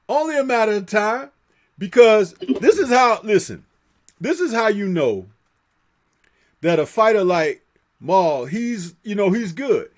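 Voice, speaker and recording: A man with a high-pitched voice hosts a live boxing chat stream. He talks in an animated, profane way and laughs often. He reads viewer comments aloud between his takes. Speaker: boxing talk host.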